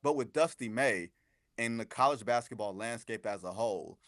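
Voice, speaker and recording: A man talking as a guest basketball reporter on a sports radio show, animated and sarcastic, with strong emphasis. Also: medium pitch, moderate pace, dry recording, studio quality.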